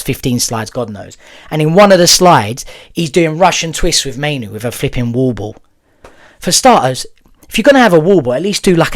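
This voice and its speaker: A man's voice: high-pitched, no room sound, studio quality. A man hosting a football channel, ranting bluntly and heatedly, with frequent "yeah?" and "right?" tag questions. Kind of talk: ranting fan commentary.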